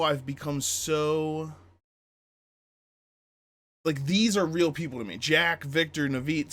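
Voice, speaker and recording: A man hosting a reaction video, pausing to share his thoughts in a casual, chatty way. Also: medium pitch. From United States.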